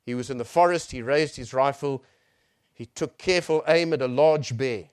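A male preacher giving a sermon. He swells on key phrases and then drops to a near hush. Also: medium pitch, moderate pace, clear, resonant tone, no echo, clean studio sound.

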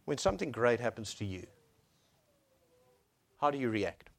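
A man preaching a sermon, swinging between soft hushed lines and loud raised exclamations. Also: mid-range voice, very animated, moderate pace, creaky. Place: Brussels church.

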